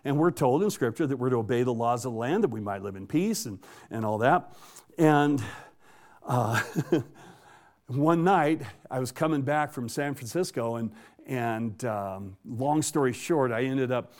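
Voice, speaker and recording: Male guest, mid-pitched, folksy testimony with frequent chuckles and stumbles. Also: expressive, measured pace, darkish tone. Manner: chuckles often, restarts and repeats words; folksy, plainspoken storytelling. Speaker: guest telling a personal faith story. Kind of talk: casual spoken testimony.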